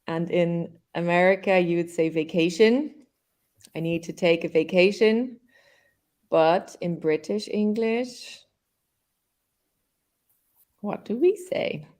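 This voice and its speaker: A woman's voice: on the low side, slow, pauses often, a little mellow. A woman hosting a live online English lesson, patiently explaining and repeating words.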